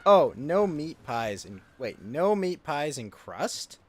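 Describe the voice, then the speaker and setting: A man's voice: on the high side, very animated, slow, slight background noise. A man, ranting and swearing during a casual livestream chat while gaming. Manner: ranting, exasperated, swears freely. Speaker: streamer.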